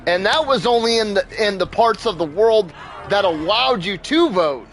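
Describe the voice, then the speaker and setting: Heated, swearing young man with high voice. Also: lively intonation, moderate pace, fairly bright tone, faint music behind. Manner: heated, profane, blunt. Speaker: gaming channel host; father. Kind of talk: ranting commentary over gameplay.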